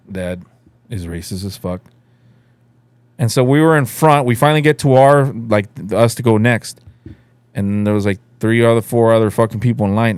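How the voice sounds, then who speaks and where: A man's voice: lowish voice, darkish tone, smooth, dry recording. Young man, from Mexico, podcast co-host, profane storyteller, casual chat, dry sound.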